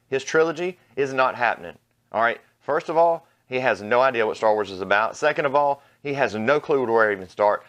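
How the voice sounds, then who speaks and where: A man's voice: mid-range voice, expressive, a little fast, a bit bright. A man hosting his own channel, delivering a blunt, mocking, profane opinion rant. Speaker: vlog host. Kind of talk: ranting opinion commentary.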